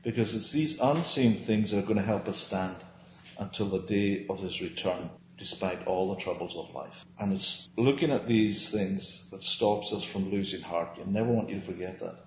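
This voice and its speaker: A man's voice: low-pitched, moderate pace, slight background noise. An earnest man leads a small-group Bible teaching, pressing his points and answering his own questions. The recording is roomy and a bit dull, with faint ambience behind him.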